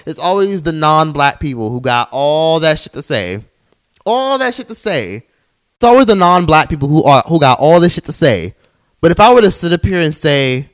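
A man's voice: on the high side, animated, a little fast, clear, resonant tone. A young man hosting a solo podcast, heated and profane, mocking others in put-on voices. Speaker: podcast host.

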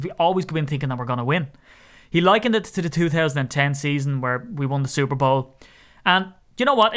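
A man with an Irish accent hosting a sports podcast, chatting casually about his team with wry asides and now and then a mock shout. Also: fairly high pitch, clean tone. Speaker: podcast host.

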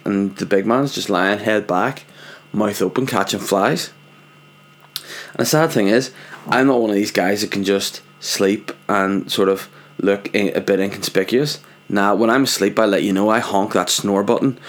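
A man rambles through everyday stories in a casual, sweary monologue. He pokes fun at himself constantly. His voice sits a bit low. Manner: rambling, sweary, self-mocking. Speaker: vlogger, father.

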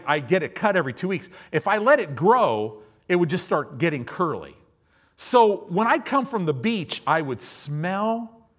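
Animated man in his fifties telling a testimony. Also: a little high. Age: 50s. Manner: animated, repeats words, acts out the people in his story. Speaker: preacher. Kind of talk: sermon testimony storytelling.

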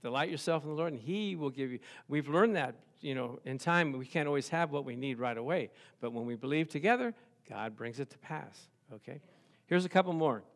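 A man's voice: a little high, expressive, a little fast. A middle-aged man, a pastor, preaching a sermon full of playful stories and acted-out voices.

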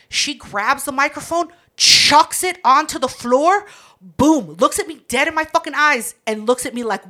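A woman trades profane stories in a casual chat, animated and quick to laugh. Her voice sits high and swings widely, with a bright edge.

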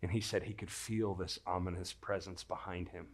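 A man preaching a sermon, moving from a quiet, earnest prayer into lively storytelling to his congregation. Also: low-pitched, moderate pace. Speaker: pastor.

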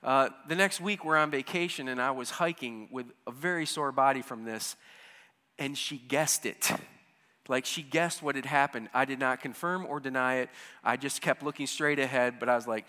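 Animated older man telling a story in a hall. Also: mid-range voice, normal speed. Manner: animated, swings between hushed asides and loud excited bursts. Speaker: storyteller speaking to an audience. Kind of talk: humorous personal storytelling. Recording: hall with long reverb.

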